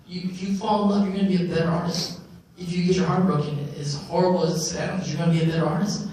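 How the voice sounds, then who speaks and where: A man speaking at a convention panel, answering audience questions in a reflective, animated way with many "you know"s. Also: high voice, fast. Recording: echoey hall from far off, faint noise.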